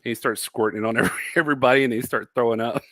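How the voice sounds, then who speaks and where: A man in his forties, co-hosting a livestream, easygoing and quick to chuckle. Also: medium pitch, fairly even intonation, fairly bright tone, dry recording, clean studio sound. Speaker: co-host. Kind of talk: casual livestream chat.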